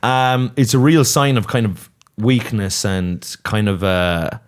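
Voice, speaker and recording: A man's voice: on the low side, takes it slowly. A young Irish man on a podcast, bantering in a teasing, mock-outraged way. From Ireland. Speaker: podcast co-host. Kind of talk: casual banter.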